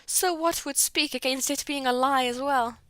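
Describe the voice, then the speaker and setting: A woman's voice: high-pitched, normal speed, a bit bright, no room sound. A woman streamer reading her friends' old fan fiction aloud, often breaking off to laugh, apologize and comment. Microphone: streaming mic. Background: music playing.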